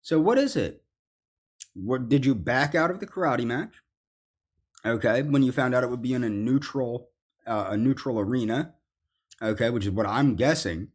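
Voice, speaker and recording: A man in a ranting monologue, accusatory and indignant, halting with fillers. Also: mid-range voice, expressive, husky. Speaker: commentary subject in clips.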